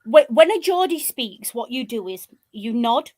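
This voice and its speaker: A woman, co-hosting a casual podcast chat in a blunt, animated, sweary way. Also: a little high, a little slow. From northern England. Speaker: podcast co-host.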